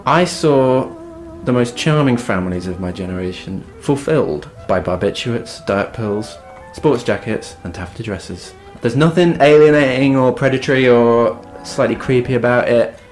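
Brief: man voicing a boastful post-war American everyman, raised pitch, mock-cheery. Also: expressive, normal speed, soft background music, lightly acted. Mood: mock-reassuring. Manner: ironic mock-patriotic boasting.

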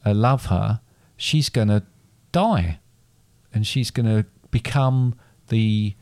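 A man's voice: lowish voice, slow pace, darkish tone, no room sound. A man casually retelling a fairy tale in a chat, rambling and correcting himself as he goes. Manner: rambling, self-correcting storyteller.

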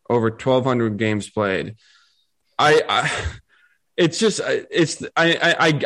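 A man co-hosting a casual sports chat, skeptical and wry, hedging his opinions. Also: medium pitch. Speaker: podcast co-host.

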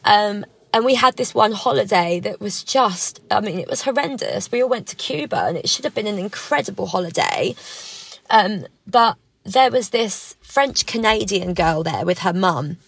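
Husky, gravelly woman guest, candid and emotional, dry close sound. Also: medium pitch, expressive, no echo. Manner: emotional, halting, frank. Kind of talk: candid personal interview.

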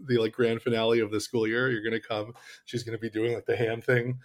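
A man's voice: mid-range voice, little pitch movement, fast talker. A man in his thirties co-hosting a casual podcast, talking loosely with many "like"s and restarts about his kids. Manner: rambling, lots of "like" and restarts. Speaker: podcast co-host. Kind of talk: casual chat.

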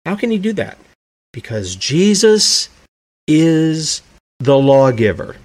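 A man preaching a sermon who asks his listeners rhetorical questions and acts out the characters in the stories he tells. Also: fairly high pitch.

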